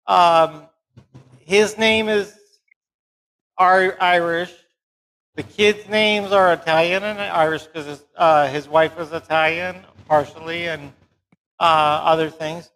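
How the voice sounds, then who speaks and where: High-voiced man telling a slow anecdote. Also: steady tone, a bit bright, low-quality recording. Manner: chatty, anecdotal, amused. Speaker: guest speaker. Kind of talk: casual storytelling.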